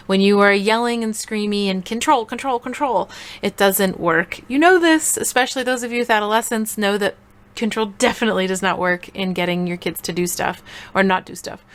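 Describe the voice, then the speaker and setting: A woman coaching parents in a short tips video, upbeat and playful, now and then acting out little examples. Her voice sits at a middle pitch and is easy to follow. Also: clean tone. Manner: energetic and playful, acts out examples.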